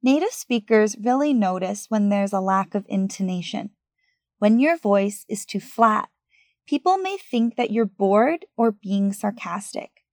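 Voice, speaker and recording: A woman's voice: medium pitch, animated, a little slow, darkish tone, no room sound, studio quality. Woman narrating a scripted English lesson. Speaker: English pronunciation coach.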